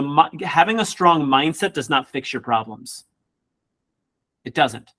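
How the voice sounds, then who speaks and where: A man who works as a real estate coach, giving an energetic motivational class with casual joking asides. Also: a little high. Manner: energetic, acts out quoted people in voices.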